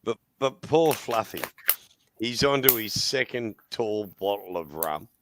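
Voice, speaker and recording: An Australian man telling a funny story in casual chat, laughing often and jumping into high voices for the people he quotes. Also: animated, measured pace, noisy background.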